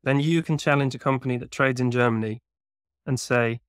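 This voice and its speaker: A man's voice: medium pitch, fairly even intonation, a little fast, dry recording, clean studio sound. A man being interviewed as a researcher, explaining at length in a thoughtful, conversational way with lots of small hedges. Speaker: guest researcher.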